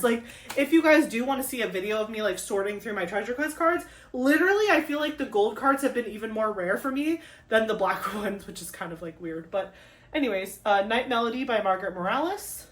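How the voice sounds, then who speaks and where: A young woman chatting casually while unboxing craft kits, gushing and excitable, with lots of fillers and gasps. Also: on the high side, a little fast, slight background noise. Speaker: crafting vlogger. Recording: echoey room, mic at a distance.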